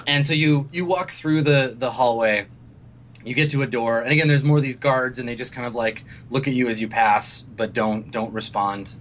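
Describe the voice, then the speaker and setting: A man's voice: mid-range voice, normal speed, fairly bright tone. A man narrating as game master of a tabletop role-play, describing scenes in a rambling way with many fillers.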